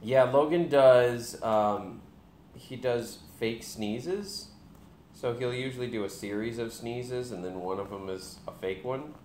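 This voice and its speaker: A man's voice: medium pitch, slow pace, background noise. A young man, a dad, joking casually with a live stream chat while talking to his baby.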